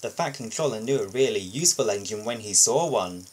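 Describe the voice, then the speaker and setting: Husky man reading a storybook aloud. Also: fairly low pitch, a little fast. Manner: steady storytelling with small slips and restarts. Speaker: storybook reader and video host.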